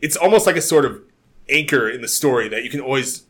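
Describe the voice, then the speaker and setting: A man co-hosting a casual podcast chat about a TV show, animated and laughing often as he acts out scenes. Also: mid-range voice, fast talker. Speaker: podcast co-host.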